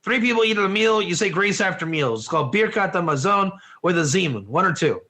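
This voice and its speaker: A man teaching an online Torah class in a lively, joking way, firing questions at his students. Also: high voice, brisk. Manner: animated, asks the class questions, often says "one or two", laughs at own jokes.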